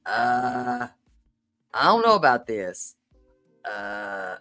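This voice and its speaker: A woman's voice: rumbling low, big pitch swings, very slow, fairly bright tone, faint music behind. A woman from Tennessee with a Southern accent, streaming live and reacting to a video with incredulous exclamations and frequent swearing. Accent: Southern American.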